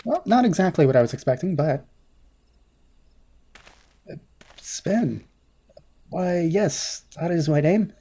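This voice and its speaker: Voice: mid-range voice, animated, slow, long pauses, warm tone. A gamer voicing a timid, apologetic young man from a fantasy game, stammering in formal, old-fashioned speech. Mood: flustered. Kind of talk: voice-acted game dialogue reading.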